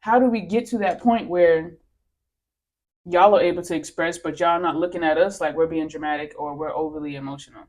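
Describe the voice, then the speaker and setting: A woman speaking emphatically in a casual podcast chat, telling stories with animated, punchy delivery. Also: deep voice, brisk.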